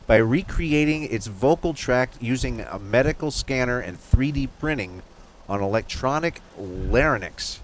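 A man hosting a relaxed podcast, stumbling and repeating words as he reads a news piece aloud. A faint hiss sits behind his voice. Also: mid-range voice, a little slow. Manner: hesitant, stammering, laughs often. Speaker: podcast host. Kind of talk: casual chat.

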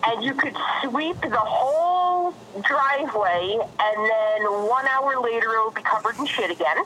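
A woman's voice: fairly high pitch, expressive, unhurried, sharp tone, a little hiss or hum, rough recording. A woman with a New Jersey accent, a guest chatting casually and bluntly, laughing easily. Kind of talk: casual chat.

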